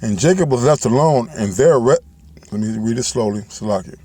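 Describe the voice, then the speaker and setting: Give me a man teaching scripture in a loose, conversational way, reading verses slowly. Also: mid-range voice, mellow, slightly rough. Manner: loose and conversational, ends phrases with "man" and "all right"; reads scripture aloud in slowed, measured cadence. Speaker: Bible teacher. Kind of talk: informal Bible teaching.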